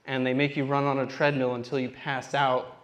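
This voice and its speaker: A young man performing stand-up on a theater stage, speaking into a handheld mic. He rambles through self-deprecating stories and slips into acted-out quotes of himself and others, at an everyday pitch. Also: flat delivery, a little fast, highs cut off. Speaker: stand-up comedian. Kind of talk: stand-up comedy set.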